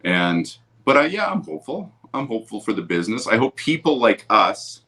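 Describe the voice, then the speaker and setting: A man guest on a video call from home, telling animated stories and laughing often. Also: mid-range voice, fairly quick. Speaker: guest, photographer. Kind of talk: casual storytelling on a video call.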